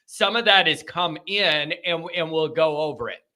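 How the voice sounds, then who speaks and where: A man's voice: fairly high pitch, normal speed, bright, forceful tone. A man hosting a fan call-in show, talking in a rambling, joking, conversational way with frequent restarts. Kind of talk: casual solo podcast chat.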